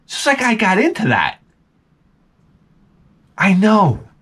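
Brief: man, toy-collecting vlogger, somewhat high voice, rambling and animated storyteller, a dad. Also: slow, slightly rough. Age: adult with a young son. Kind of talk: casual storytelling monologue.

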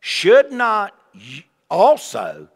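A man preaching a revival sermon in a folksy, animated way, with asides and repeated words. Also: high-pitched, very slow. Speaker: evangelist preacher. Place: large church sanctuary. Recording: long hall reverb.

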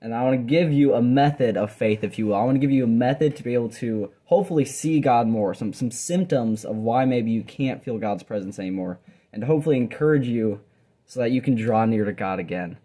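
A man's voice: mid-range voice, brisk, mellow. A young man, a Bible college student, giving an earnest, rambling devotional talk from his dorm room, with frequent restarts and fillers. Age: young adult. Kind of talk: casual devotional talk to camera.

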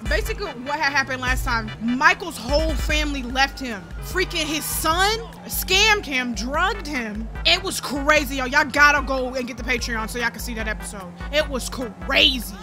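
A woman streams a game, loud, playful and swearing a lot as she talks to her viewers and the characters on screen. Her voice sits high, with game music clearly playing behind her. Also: lively intonation, normal speed, hardly any pauses. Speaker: gaming streamer. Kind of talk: casual let's-play commentary.

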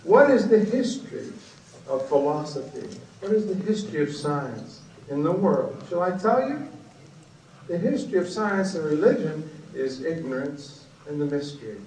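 A man giving an animated, blunt storytelling speech at a book conference. He swings from low asides to loud shouted outbursts. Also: normal speed, recorded from a distance, a little hiss or hum. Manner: blunt and profane. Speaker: guest speaker at a book conference. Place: conference hall. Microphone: PA system taped from the audience on a cassette recorder. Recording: echoey hall, taped from the audience on cassette.

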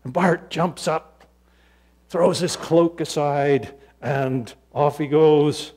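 A man preaches a storytelling sermon at an unhurried pace, with a fairly high voice. He is animated, slipping into the voices of the people in his stories. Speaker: pastor.

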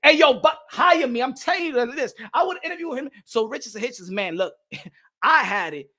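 A man's voice: very high-pitched, expressive, moderate pace, sharp tone. A man from New York ranting heatedly as a boxing commentator, switching between English and Spanish in a mocking way. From New York City.

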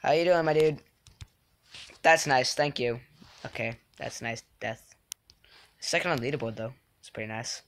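A young man casually commenting on his own game live, excitable and quick to get frustrated at other players. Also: mid-range voice. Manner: excitable, swings from mumbling to yelling in frustration. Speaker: game streamer.

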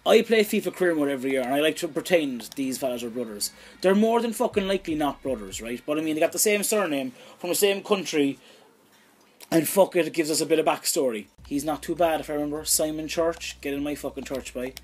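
A young Irish man commentating his own video game play, excitable and swearing freely, shouting at big moments. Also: a little high, quick pace, breathy edge. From Ireland. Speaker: gaming YouTuber.

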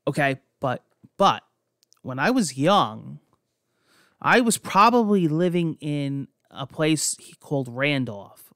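Brief: young male podcast host from New Jersey, fairly high voice, loose and profane storyteller, dry close recording. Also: lively intonation, slow, a bit bright, dry recording. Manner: rambling, profane, frequent restarts. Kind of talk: casual personal storytelling.

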